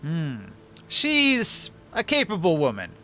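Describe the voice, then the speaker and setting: An old dwarf innkeeper talks in a measured, confiding way, as a man puts him on. His voice sits a touch high and rises and falls a lot. It is a tabletop role-play scene. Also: wildly swooping pitch, pushed and bright, faint music behind, heavily acted.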